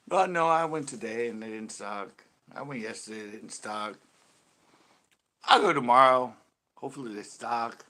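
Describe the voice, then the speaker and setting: A man's voice: mid-range voice, moderate pace, pauses often, sharp tone. A man hosting a fishing channel, chatting casually on a live stream, rambling and joking and slipping into put-on accents.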